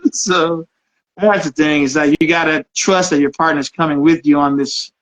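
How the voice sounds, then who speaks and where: High-voiced man telling candid stories. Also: expressive, unhurried, fairly bright tone. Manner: laughs often, candid storytelling. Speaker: podcast co-host. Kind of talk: casual chat.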